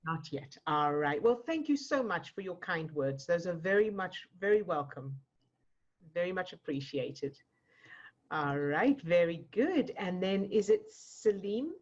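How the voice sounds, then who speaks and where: A woman's voice: on the low side, animated, a little slow, muffled recording. A woman from the UK leading a group session over a video call, encouraging people and thanking them often. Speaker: host, session leader.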